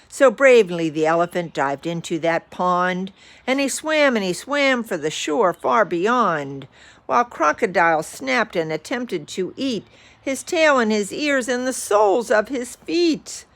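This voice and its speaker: Slow, expressive woman storyteller. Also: medium pitch. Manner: lively, expressive read-aloud. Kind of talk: reading a rhyming picture book aloud.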